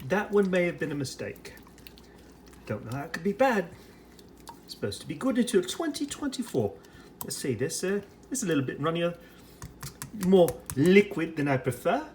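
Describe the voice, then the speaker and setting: Lively put-on British accent, chatty. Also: medium pitch, normal speed, a little hiss or hum. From United States. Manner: chatty running commentary while preparing and tasting food. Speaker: ration reviewer. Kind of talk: casual food review vlog.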